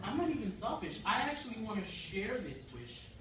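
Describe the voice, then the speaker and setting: A man's voice: high-pitched, normal speed. Young American man doing stand-up in an echoey club. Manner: deadpan storytelling with sudden loud outbursts. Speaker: stand-up comedian. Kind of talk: stand-up comedy set. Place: comedy club stage. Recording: echoey club room from far off, noisy. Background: audience laughter.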